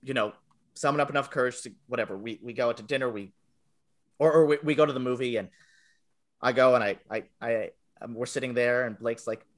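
A man's voice: medium pitch, steady tone, fairly quick. A young man telling a funny anecdote over a video call, rambling and self-deprecating, often restarting sentences. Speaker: storyteller guest on a game show.

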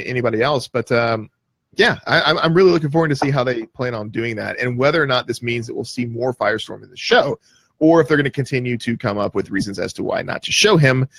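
A man's voice: medium pitch, a bit bright, dry recording. Easygoing male podcast host. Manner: easygoing, filler-heavy, chuckling. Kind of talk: casual chat.

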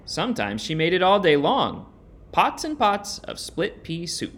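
A man narrating a children's storybook in an expressive, sing-song read-aloud manner. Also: high voice, unhurried.

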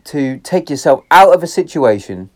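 A middle-aged man hosting a casual solo podcast from his shed, swearing often, going off on tangents, swinging between loud laughing outbursts and quiet reflection. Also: on the high side, big pitch swings, normal speed. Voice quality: heavy swearing, rambling and tangent-prone. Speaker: podcast host. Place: garden shed.

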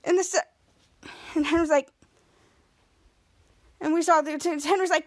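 Very high-voiced woman recapping an episode. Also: fairly even intonation, measured pace. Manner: retells scenes, acting out the characters' lines. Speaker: podcast host.

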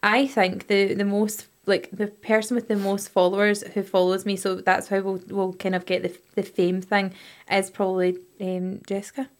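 A woman's voice: mid-range voice, flat delivery, normal speed. Easygoing woman co-host. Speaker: podcast co-host. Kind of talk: casual chat.

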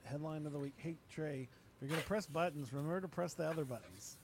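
A man's voice: a little high, fast, slightly rough, no echo. A man hosting a podcast in goofy, self-mocking, scattered chat over a mobile phone line. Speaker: podcast host.

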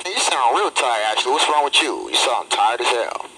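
Man, 30s, chatline host, mid-pitched, rambling and stumbling, noisy phone audio. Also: animated, a little fast, bright, forceful tone. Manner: loose, rambling, repeats himself with stumbles. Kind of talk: casual phone chatline banter. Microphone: telephone.

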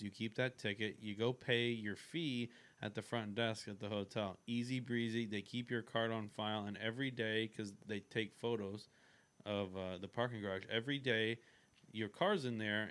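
A man's voice: fairly low pitch, steady tone, moderate pace, a bit bright. A man in casual chat who steers the conversation and explains things plainly, step by step. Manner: methodical, steers the story.

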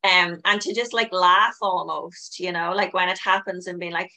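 A woman with a bright, clear voice hosts a laid-back conversation. She rambles in long, looping sentences full of filler words. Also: fairly low pitch, fairly even intonation, normal speed. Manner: rambling, heavy use of "like" and "you know". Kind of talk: casual chat.

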